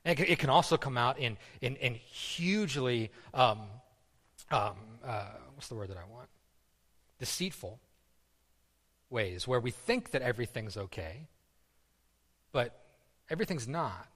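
Preacher, male, mid-pitched, casual sermon delivery with stammered restarts, long hall reverb. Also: expressive, moderate pace, a bit bright. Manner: conversational, repeats words, many fillers.

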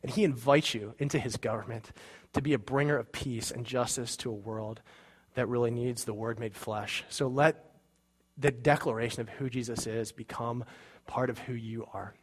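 A man's voice: medium pitch, fairly even intonation, normal speed, husky. A man preaching a sermon as pastor, earnest and building to fervent emphasis, with casual asides in a church sanctuary.

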